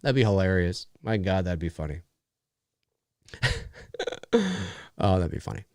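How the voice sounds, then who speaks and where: A man's voice: sits low, unhurried, darkish tone, clear, resonant tone, no room sound, studio quality. A man hosting a casual live stream, rambling through viewer comments with lots of fillers and frequent laughs. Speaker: live show host.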